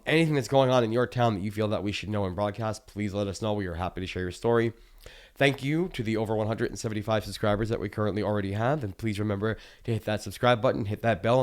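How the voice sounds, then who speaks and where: A man hosting his own political commentary show, speaking urgently and earnestly with frequent ums and uhs. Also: on the low side. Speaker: host of news commentary show.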